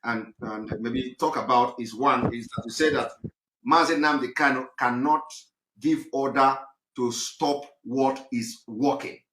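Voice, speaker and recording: A man with a Nigerian English accent hosting a call-in show, speaking haltingly with many fillers. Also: mid-range voice, fairly bright tone, echoey room, a little hiss or hum. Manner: hesitant, many fillers and restarts. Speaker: host.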